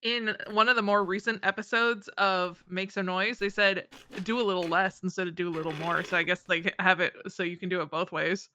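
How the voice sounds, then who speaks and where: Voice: medium pitch, fairly even intonation, brisk, hardly any pauses, pushed and bright. A speaker chatting and laughing with friends during a casual game stream. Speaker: co-reader in a group stream. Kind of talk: casual chat.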